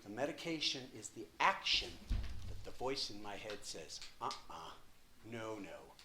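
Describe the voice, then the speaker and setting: A man in his sixties giving an impassioned, profane personal share at a recovery meeting, swinging from hushed to loud. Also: fairly low pitch, animated, moderate pace, background noise.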